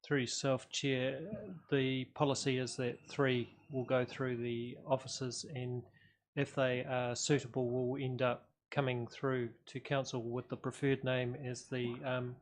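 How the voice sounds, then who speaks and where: Flat-voiced New council officer. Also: male voice, medium pitch, slight background noise. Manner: matter-of-fact with some halting restarts. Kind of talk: explaining policy at a meeting.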